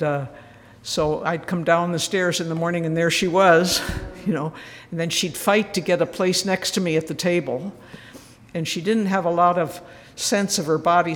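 An older religious sister leading a spoken retreat talk in a large church, telling stories with earnest warmth and wry humor. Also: female voice, on the low side, in a large hall, slight background noise.

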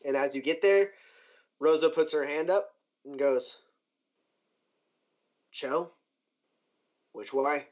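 Man running a tabletop game, slightly high voice, dull lo-fi sound, loose filler-heavy narration. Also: normal speed, darkish tone. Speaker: game master. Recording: dull lo-fi recording.

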